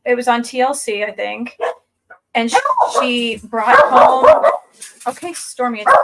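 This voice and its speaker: A woman hosting a casual chat, laughing often and telling stories in a lively way. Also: a little high, a little slow, very noisy. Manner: chatty, laughs a lot, lively storytelling. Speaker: host.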